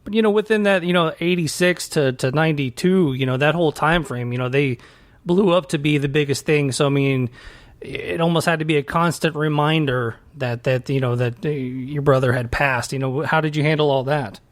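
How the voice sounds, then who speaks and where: A man hosting a casual interview, conversational and enthusiastic, filling pauses with "you know". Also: on the high side. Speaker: podcast host.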